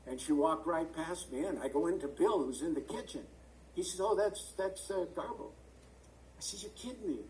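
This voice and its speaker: An older man tells chatty, rambling stories as an interview guest, pausing to hunt for names and words. His voice sits a little high and sounds somewhat distant from the mic, with a faint hiss underneath on a video call. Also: expressive, a little mellow. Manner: chatty, rambling storyteller who searches for words. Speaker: actor and guest. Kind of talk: anecdotal storytelling in an interview.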